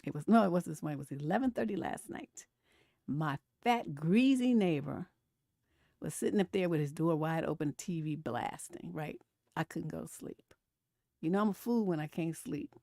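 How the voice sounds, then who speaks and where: A woman's voice: low-pitched, lively intonation, normal speed, vocal fry, warm tone, no echo. Woman, middle-aged, livestream host, blunt and profane, casual storytelling, dry close sound. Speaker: relationship coach and live stream host.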